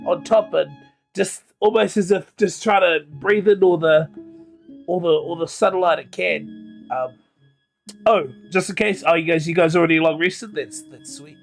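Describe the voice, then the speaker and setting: A man's voice: high-pitched, gravelly. A man narrating as game master of a tabletop game, hesitant and full of filler words.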